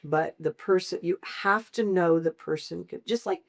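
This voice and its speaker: A middle-aged woman with a fairly low voice shares her caregiving life as a guest in an interview. She tells it like a storyteller, bursting into high-pitched quoted voices now and then before settling back into easy conversation. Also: normal speed, gravelly. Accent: Southern American. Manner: animated storyteller, acts out quoted voices with big pitch jumps.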